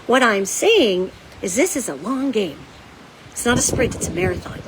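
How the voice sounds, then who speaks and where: Emphatic high-voiced woman commentator. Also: slight background noise, low-quality recording. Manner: emphatic, urgent, talks straight to viewers as "guys"; folksy and blunt, casual swearing. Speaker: psychic commentator and show host. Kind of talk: direct-to-camera monologue.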